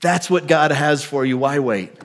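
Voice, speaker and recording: A male pastor preaching with a slightly higher-than-usual voice for a man. He tells his story with animation, acting out the voices of the people in it. His delivery swings between loud and hushed. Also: normal speed. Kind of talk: sermon with storytelling.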